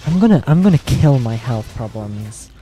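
A woman streamer chatting casually on stream, rambling, swearing and giggling, and practising a higher voice. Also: expressive, moderate pace. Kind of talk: casual livestream chat.

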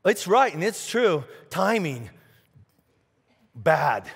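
A man preaching a sermon as pastor, animated, asking rhetorical questions and often repeating his words. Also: sits high, takes it slowly, husky, long reverb tail. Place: church auditorium.

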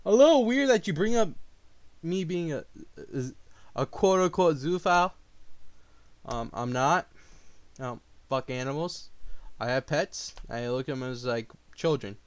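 A man reacting to a diss track in a heated, profane rant that swings between low grumbling and outbursts. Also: no echo.

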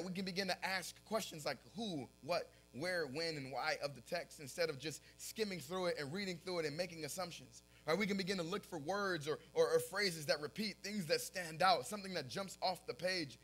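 A young man preaching in a high, bright voice. He talks casually, with lots of fillers, and often breaks into laughter as he tells his stories. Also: fairly quick, hardly any pauses. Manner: animated storytelling, often laughing at his own story; casual filler-heavy talk. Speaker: pastor. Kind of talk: sermon.

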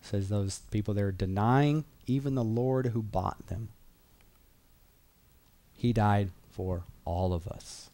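A man's voice: lowish voice, takes it slowly, pauses often, mellow. A man teaching a Bible class in an earnest, conversational way, repeating key phrases and reading verses aloud.

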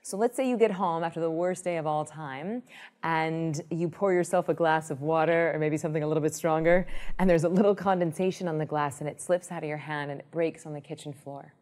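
A woman who teaches meditation, explaining her method in a lively way and telling an example story. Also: sits low, a little fast. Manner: lively storyteller, acts out quoted people.

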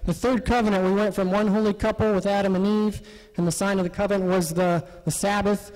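A man presenting a Bible study session in an animated, laughing way, acting out the quotes. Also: sits high. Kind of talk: lively Bible study talk. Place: parish hall. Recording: long hall reverb.

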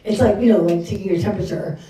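In a church hall, a middle-aged woman speaks at a women's session, delivering a frank, conversational sermon and often acting out her own reactions. Her voice is warm and medium-pitched, and she talks fast. The recording is echoey, captured from a distance.

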